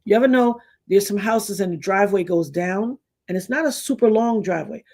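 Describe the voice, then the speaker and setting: A middle-aged woman from New York hosting a casual livestream, telling personal stories in an animated way, acting out quotes and thanking her chat. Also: mid-range voice, a little fast. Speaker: livestream host.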